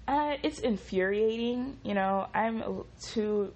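Groggy young woman with a husky voice. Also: a little high, unhurried. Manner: profane, animated, exasperated ranting. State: groggy, just woke up. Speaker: vlogger. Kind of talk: casual vlog monologue.

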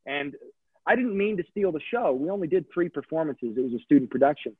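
A man's voice: a little high, expressive, fast, slightly rough, no echo. Man, 30s, comedian, digressive storyteller, dry sound, phone-quality audio. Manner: chatty, digressive, self-correcting. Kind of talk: casual storytelling interview. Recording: tinny phone-like line, dry.

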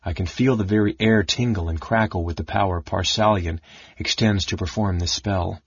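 A hushed, grave old mage in red robes who gives orders in a low, soft voice, as a man acts him for an audiobook. The tone is husky and dry, the recording dull. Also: normal speed, no room sound. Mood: hushed awe.

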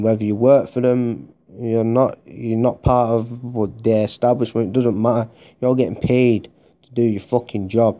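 A man's voice: medium pitch, warm tone. A man hosting a podcast, delivering an angry, profanity-heavy rant that repeats itself as it builds. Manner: heavy swearing, heated and repetitive. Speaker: podcast host. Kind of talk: angry ranting monologue.

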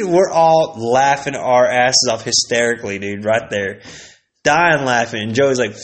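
A man's voice: mid-range voice, measured pace. A man in his forties telling old stories alone on a stream, rambling, slangy and profane. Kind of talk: casual storytelling alone.

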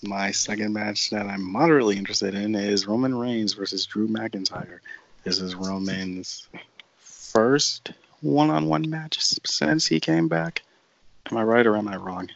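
A man's voice: fairly low pitch, measured pace, gravelly, highs cut off. A man co-hosting a wrestling podcast, casual and wry, laying out his picks in order. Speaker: podcast co-host. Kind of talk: casual chat.

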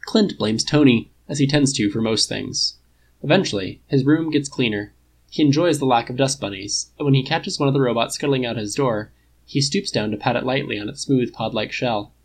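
A man's voice: medium pitch, normal speed, low-quality recording. A man narrating a fan-fiction story in a casual, wry reading style. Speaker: podfic reader.

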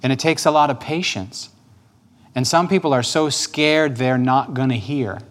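A man preaching as a pastor, gently and patiently coaching listeners through a guided prayer and repeating his questions. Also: medium pitch, moderate pace.

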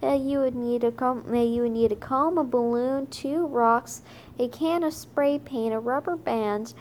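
A woman reading a children's chapter book aloud, halting often with fillers and restarts. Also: on the high side, fairly even intonation, a little mellow, a little hiss or hum. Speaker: reader.

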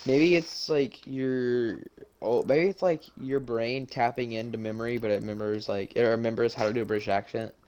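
A young man talks in a casual podcast chat, rambling through his explanations with lots of likes and restarts. His voice sits at an ordinary middle pitch. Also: steady tone, moderate pace, a little mellow. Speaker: podcast co-host.

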